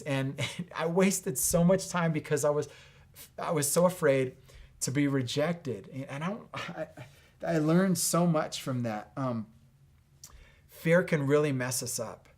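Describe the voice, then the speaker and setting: A middle-aged man giving a casual faith-based motivational talk. He speaks conversationally, with many fillers and restarts, and grows animated when he retells a story. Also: mid-range voice. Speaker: fitness instructor and faith speaker.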